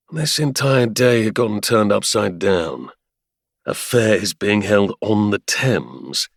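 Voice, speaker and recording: Male audiobook narrator, low and measured, dry studio sound. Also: no echo. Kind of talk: scripted narration.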